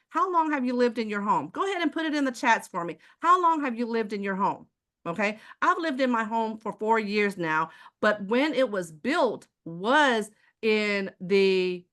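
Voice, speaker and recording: A woman's voice: fairly high pitch, fairly bright tone. A woman from Houston with a Texan accent, giving a live online sales presentation and asking the audience rhetorical questions. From Houston, Texas.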